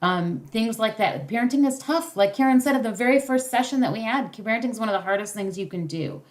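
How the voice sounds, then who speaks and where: A woman's voice: on the high side, expressive, fast. A woman leading a parenting class over a video call, encouraging, with many fillers and restarts. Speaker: parenting workshop facilitator.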